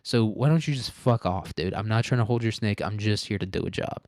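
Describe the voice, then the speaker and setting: A man's voice: on the low side, a little fast, a little mellow, no echo, clean studio sound, lightly acted. A man voicing a blunt, irritated young Puritan man who swears and brushes people off. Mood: annoyed. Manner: gruff, swearing, dismissive.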